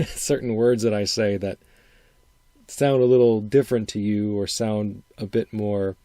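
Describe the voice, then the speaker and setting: A man's voice: lowish voice, warm tone, no echo. A middle-aged man from Wisconsin with a faint upper Midwestern accent, hosting a solo podcast in a rambling, thinking-aloud way. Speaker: podcast host. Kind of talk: casual solo podcast commentary.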